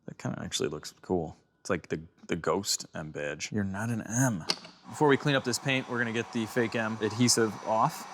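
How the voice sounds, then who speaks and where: A man's voice: on the low side, fairly bright tone, a little hiss or hum. A young man from Chicago chatting and joking with viewers while he cleans and details a car. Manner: chatty, jokey, talks to viewers while working. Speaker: car YouTuber. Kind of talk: casual car-detailing vlog narration.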